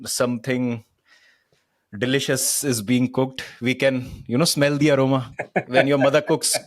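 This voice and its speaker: A man co-hosts a casual fan podcast, speaking in an unhurried, measured way. His voice sits at a middle pitch. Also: little pitch movement. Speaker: podcast co-host. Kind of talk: casual chat.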